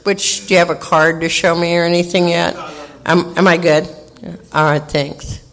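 A woman's voice: on the low side, level tone, moderate pace. A woman in her sixties from California, candidly telling her own recovery story with self-mocking humor. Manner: candid, self-mocking storyteller who acts out other people's voices. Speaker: recovery meeting speaker. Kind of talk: personal recovery share.

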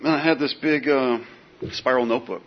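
A man telling a personal story in casual, animated speech, full of "dude" and "man". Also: mid-range voice, fairly quick. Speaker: guest telling his recovery story. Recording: dull lo-fi recording with faint hiss.

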